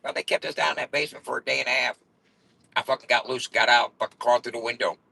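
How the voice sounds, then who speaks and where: A man's voice: mid-range voice, steady tone, fast talker, gravelly, sharp tone, husky, poor audio. A man in his forties telling rambling, profane stories in a blunt way. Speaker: vlogger.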